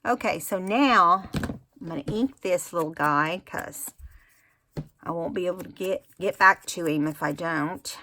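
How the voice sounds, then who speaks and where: A woman's voice: lowish voice, pushed and bright, a little hiss or hum. A woman hosting a craft tutorial, talking casually and rambling as she demonstrates. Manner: chatty, rambling, self-admittedly unhurried.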